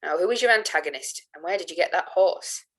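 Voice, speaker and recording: A woman reads as an older gentleman guardian who speaks in a grave, measured way. Stern on the surface but kind at heart, in a storybook reading. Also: fairly low pitch, rough recording. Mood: reproving.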